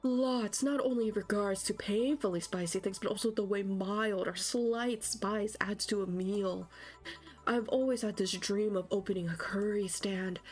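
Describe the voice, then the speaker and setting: A woman voicing a sly, secretive young man in a game, speaking calmly and in measured explanations. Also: mid-range voice, faint music behind, lightly acted. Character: sly young man, secretive, dropped his pompous act.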